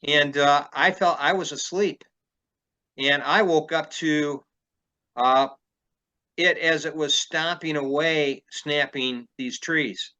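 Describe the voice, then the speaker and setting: A man's voice: fairly high pitch, fairly even intonation, slow, bright, forceful tone, highs cut off. A man, a field researcher, telling a story in casual conversation, rambling with many fillers and restarts.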